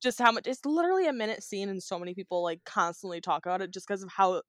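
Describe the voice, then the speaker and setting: A woman's voice: medium pitch, fast talker, dry recording, studio quality. A woman co-hosting a podcast in casual pop-culture chat, emphatic and opinionated. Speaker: podcast co-host.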